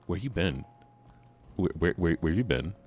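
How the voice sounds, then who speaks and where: A man's voice: sits low, animated, moderate pace, over music. A man chatting casually on a stream in a goofy, playful, singsong way. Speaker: streamer guest and voice actor.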